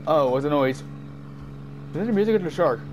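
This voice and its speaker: A man giving jumpy, excited commentary while playing a game, easily startled and laughing at himself. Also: fairly high pitch, moderate pace, slight background noise. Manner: jumpy, screams and laughs at scares, self-mocking. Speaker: gamer.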